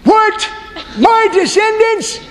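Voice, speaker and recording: A man preaching who puts on a high, shouting voice for an astonished old Abraham. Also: brisk. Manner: squeaky, shouting, incredulous. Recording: long hall reverb.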